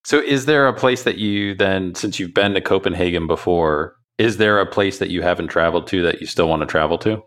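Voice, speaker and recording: A man interviewing a guest, asking brisk quick-fire questions. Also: deep voice, a bit bright.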